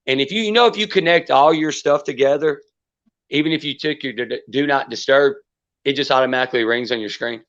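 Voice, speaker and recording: A man's voice: medium pitch, brisk, fairly bright tone. A man cohosting a casual livestream chat, telling a rambling, profane story with many restarts. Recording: dull lo-fi stream audio.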